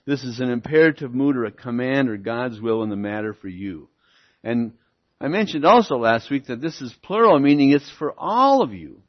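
A man preaching a sermon as pastor, teaching verse by verse, often checking in with "okay?" and "see?" and slowing down to stress key words. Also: mid-range voice, very animated. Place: church. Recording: lo-fi church recording.

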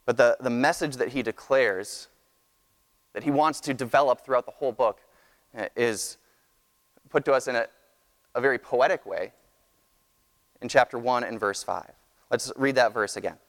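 A man's voice: medium pitch, a bit bright. Earnest preacher man in a reverberant hall. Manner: measured, earnest teaching with frequent restarts. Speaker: pastor. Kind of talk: sermon.

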